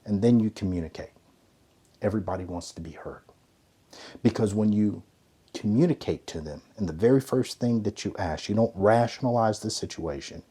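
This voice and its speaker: Husky man coaching with emphatic energy. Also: fairly low pitch. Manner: emphatic, conversational, swings from loud to hushed. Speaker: ethics and leadership coach. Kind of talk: motivational teaching talk.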